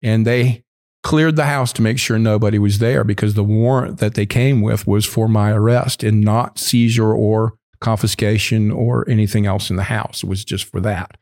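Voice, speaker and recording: A man guest in an interview, telling a rambling story full of swearing, now and then acting out other people's shouts. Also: steady tone, normal speed. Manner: acts out other people's shouting in sudden high bursts. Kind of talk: casual storytelling.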